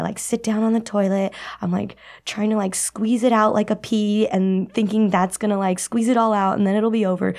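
A young woman casually telling a personal story in a chatty, animated way, acting out the people she quotes. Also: mid-range voice. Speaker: guest storyteller.

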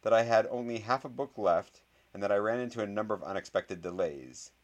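A man's voice: lowish voice, animated, fairly quick. A man voicing an indignant, pompous young schoolboy in a read-aloud story. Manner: exasperated, pompous, wailing. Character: indignant clever young schoolboy, proud and dramatic.

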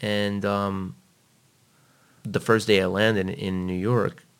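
A man being interviewed, telling a personal story in a blunt, profane, animated way. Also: lowish voice, slow, smooth.

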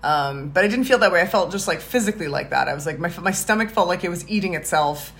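A woman's voice: fairly low pitch, animated, fast talker, fairly bright tone. A woman co-hosting a casual podcast, talking in rambling, restarting sentences and laughing often. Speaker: podcast co-host. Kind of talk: casual chat.

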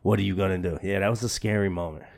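A man's voice: sits low, fairly even intonation, quick pace, gravelly, a little mellow. Rambling, slangy man telling a story. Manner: rambling, repeats words and restarts often; slangy and profane, says "bro" a lot. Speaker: podcast co-host. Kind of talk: casual storytelling chat.

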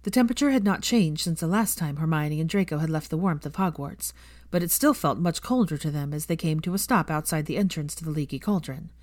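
A woman reading fan fiction aloud, in a steady, measured audiobook narration. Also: low voice, dry recording.

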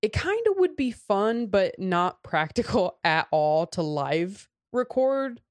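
A woman's voice: mid-range voice, very animated, slow pace, no room sound. A young adult woman co-hosting a casual podcast, joking around and often trailing off mid-thought. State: has hiccups. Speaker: podcast co-host. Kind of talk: casual chat.

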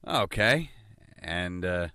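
A man's voice: deep voice, expressive, very slow, pushed and bright, clear, resonant tone, dry recording, studio quality, full character voice. A man as a sarcastic American adventurer. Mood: awkward. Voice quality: sarcastic, wisecracking. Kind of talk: audio drama acting.

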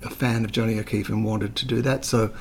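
A man's voice: on the low side, little pitch movement, fairly quick, slightly rough. An older man, talking as an interview guest, telling chatty anecdotes full of fillers. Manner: chatty storyteller, hesitant with fillers, slips into voices.

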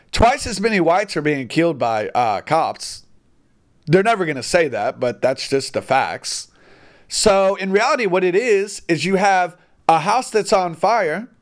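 A man with a high, lively voice that leaps up and down as he rants, blunt and a little crude, tripping over his own restarts as he pushes his point. He talks straight to his audience in a heated, argumentative monologue. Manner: heated, blunt, mildly profane, many restarts. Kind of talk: opinionated monologue.

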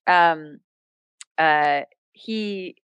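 A woman telling an anecdote as an interview guest, laughing often and jumping into higher voices for the people she quotes. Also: extremely slow, clear, resonant tone, no echo, dull audio. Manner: animated, acts out quoted voices with a jump in pitch. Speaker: guest, street performer and entertainer. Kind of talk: storytelling anecdote in conversation.

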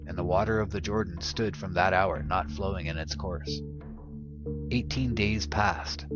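Low-voiced man narrating over music. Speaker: podcast host reading a text. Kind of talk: scripted narration. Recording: muffled podcast audio with music behind.

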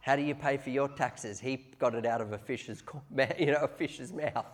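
A man preaching a conversational sermon that rises into loud, excited peaks. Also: medium pitch, moderate pace. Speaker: pastor.

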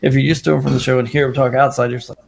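Gravelly-voiced man in casual podcast talk. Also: medium pitch, level tone, very fast, slight background noise. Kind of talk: casual chat.

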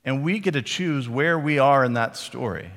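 Male pastor, casual sermon, acts out quoted lines, mid-pitched, long hall reverb. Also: normal speed, a bit bright.

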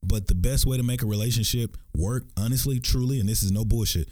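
A man's voice: fairly low pitch, fast, dark tone, no room sound, clean studio sound. A man, co-hosting a podcast in casual chat and acting out quotes in put-on voices. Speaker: podcast co-host.

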